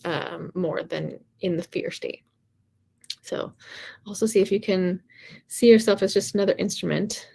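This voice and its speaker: A woman vocal coach giving a casual, encouraging live talk, chatty and quick to laugh. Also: mid-range voice, vocal fry.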